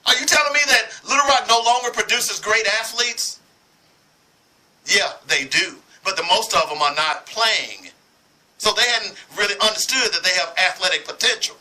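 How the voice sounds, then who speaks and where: A man's voice: high-pitched, expressive, normal speed, pushed and bright, poor audio. A man from Arkansas giving impassioned sports commentary, heated and preachy, hammering points with repetition.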